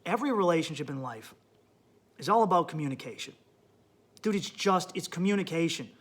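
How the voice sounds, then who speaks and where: A man's voice: a little high, lively intonation, brisk. A man hosting a podcast and giving blunt, profane relationship advice in an emphatic monologue. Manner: blunt, emphatic, swears a lot, swings up loud when worked up. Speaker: podcast host and comedian.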